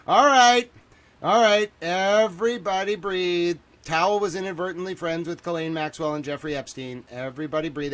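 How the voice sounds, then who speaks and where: A man in his thirties hosting a livestream, panicked and swearing, exclaiming and repeating himself as he talks to his viewers. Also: medium pitch. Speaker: livestream host. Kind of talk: agitated livestream monologue.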